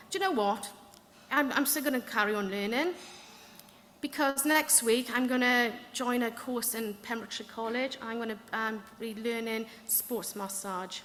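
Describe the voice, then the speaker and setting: A woman giving an earnest, heartfelt speech about her learning, with quick asides. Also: on the high side, fairly bright tone, slight background noise. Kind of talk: personal story speech. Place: event hall. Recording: echoey hall with faint ambience.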